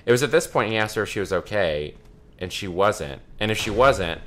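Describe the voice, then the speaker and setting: A man's voice: on the low side, animated, fairly quick, a bit bright. A man casually reading a creepy story aloud to friends during a game, swearing freely and laughing between lines. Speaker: let's play commentator.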